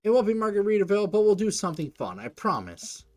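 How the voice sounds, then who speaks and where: A man voicing an upbeat, friendly suburban dad, raising his voice to a bright, chatty tone. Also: sits high, very animated, fast, voice pushed up. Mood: cheery. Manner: cheery, chatty, bright-toned. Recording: faint game music behind.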